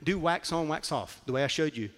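A man voicing a patient older male karate master, speaking gently and instructively, like a father. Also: on the high side, animated, a little fast, big-room sound.

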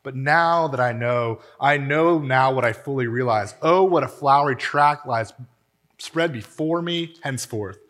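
A man voicing a young, rich, reckless gentleman toad from a storybook, speaking in a dreamy, rapturous monotone. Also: medium pitch, measured pace, close to an everyday voice. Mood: dreamy rapture. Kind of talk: reading a storybook passage aloud.

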